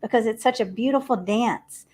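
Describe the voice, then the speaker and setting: A woman's voice: a little high, moderate pace, a little mellow. A woman hosting a casual livestream chat, telling stories with frequent laughter over a video call. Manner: chatty storyteller, laughs often.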